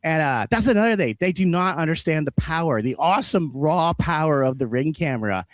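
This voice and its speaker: A man's voice: fairly high pitch, expressive, a little fast, no echo. A man co-hosting a podcast, ranting in a heated, profane, casual chat. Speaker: podcast co-host.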